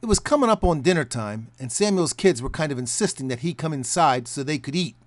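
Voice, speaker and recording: A man narrating a documentary report, his voice sitting a little high and moving a lot in pitch. He tells the story at a measured pace. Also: lively intonation, soft background music.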